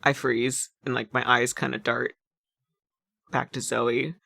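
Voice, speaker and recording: Gravelly, bright-voiced tabletop player. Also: medium pitch, level tone, a little slow, dry recording, clean studio sound. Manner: chatty, laughs easily, hesitant fillers. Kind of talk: casual tabletop play.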